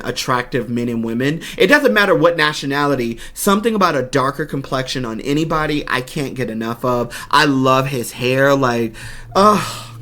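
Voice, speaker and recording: A man giving an excited, gushing reaction commentary on a game trailer as a YouTuber. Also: mid-range voice. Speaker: gaming YouTuber.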